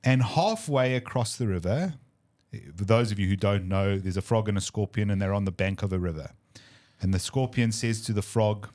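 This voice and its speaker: A man with a fairly low voice, co-hosting a casual political chat. He talks emphatically and with animation, often restarting and repeating words as he builds his point. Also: moderate pace, a little mellow. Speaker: podcast co-host.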